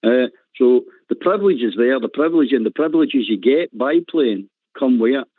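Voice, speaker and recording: A man's voice: mid-range voice, lively intonation, normal speed, dry recording. Ranting Scottish man on a phone line. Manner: passionate, ranting, laughs often. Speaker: caller. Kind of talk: phone-in football rant. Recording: tinny phone line, dry.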